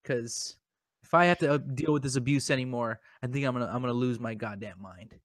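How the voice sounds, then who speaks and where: A man's voice: mid-range voice, fairly even intonation, brisk, no echo. Male podcast host, mid-range voice, dry close sound; comic over-the-top self-pity, stammers through his lines. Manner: mock-dramatic, stammering, self-pitying. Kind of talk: comedic podcast banter.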